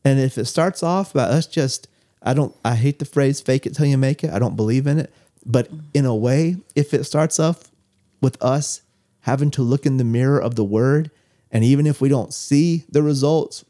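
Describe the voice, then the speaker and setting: Mellow-voiced man telling stories. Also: mid-range voice, normal speed. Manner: storytelling, reflective. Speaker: co-host of a church talk show. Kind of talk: casual faith discussion.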